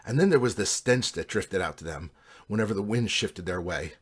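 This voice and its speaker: A man, the author, reading an excerpt of his fantasy novel in an even, measured way. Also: sits low, husky. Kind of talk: book reading.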